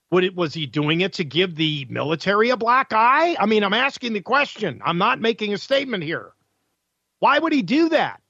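A man's voice: high voice, bright, forceful tone, no room sound, highs cut off. A male talk radio host delivering an opinionated, combative monologue full of sarcasm and rhetorical questions.

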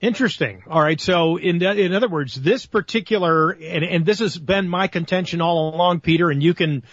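A man's voice: high-pitched, normal speed, no echo, highs cut off. A man hosting a talk radio show, asking long, rambling, hedged questions.

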